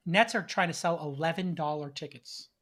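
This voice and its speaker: A man hosting a podcast, telling blunt, animated anecdotes in casual chat and acting out the back-and-forth. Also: a little high, normal speed, a crowd in the background. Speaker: podcast host.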